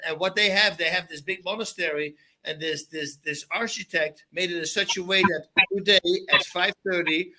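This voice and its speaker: A man chatting eagerly from an office at a monastery. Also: sits high. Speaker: podcast co-host. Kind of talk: casual chat. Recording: noisy background.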